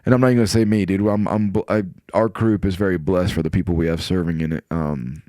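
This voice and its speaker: A man's voice: low voice, steady tone, fast, mellow, no room sound, clean studio sound. A middle-aged man, a podcast guest, telling personal stories in casual chat with an earnest, emotional manner. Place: podcast studio.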